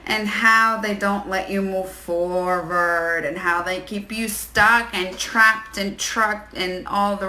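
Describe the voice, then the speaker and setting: A young adult woman life coach talking live to viewers, chatty and animated, greeting people and acting out inner voices. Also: medium pitch, roomy sound, rough recording. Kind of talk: live-stream talk to viewers.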